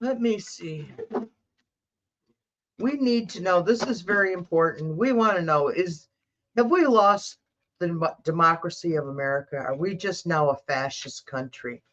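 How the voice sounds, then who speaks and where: A woman's voice: on the low side, animated, unhurried, fairly bright tone. Chatty woman tarot reader, lo-fi audio. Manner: repeats questions insistently, chatty asides to her cat. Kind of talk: live-stream tarot reading.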